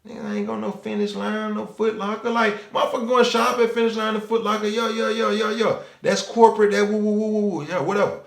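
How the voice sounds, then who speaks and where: A man's voice: sits high, level tone, quick pace, creaky, hardly any pauses, roomy sound. A man with an Atlanta Southern accent, hosting his own channel in a casual, profane monologue full of "you know what I'm saying" fillers, now and then acting out the people he quotes. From Atlanta, Georgia. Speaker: channel host.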